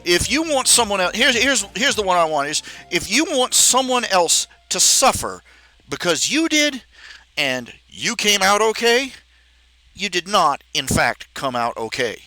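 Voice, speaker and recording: Unhurried but very animated, a man with a high, sharp voice hosts a casual talk stream and rants in a rambling way, often starting over. When quoting his parents, he jumps into raised, mocking voices. Faint music sits behind poor audio.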